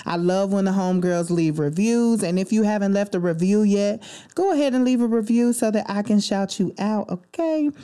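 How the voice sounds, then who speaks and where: A woman's voice: medium pitch, moderate pace, mellow, clear, resonant tone. A young woman hosting a faith-based solo podcast from a studio, speaking in an emotional, preachy way and calling listeners baby and homegirl. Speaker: podcast host. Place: recording studio.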